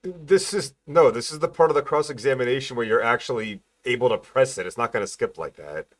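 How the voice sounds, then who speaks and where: A man's voice: mid-range voice, brisk. A man chatting casually while playing a video game, explaining how it works and laughing often. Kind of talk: casual gaming chat.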